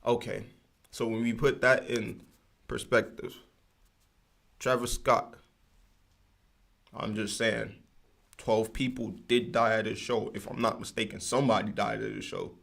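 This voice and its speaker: Young male podcast host, low gravelly voice, loose slangy solo rant that wanders. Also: little pitch movement, unhurried, pauses often, a bit bright. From United States. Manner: loose, slangy, rambling, digresses often. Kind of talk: casual solo ranting.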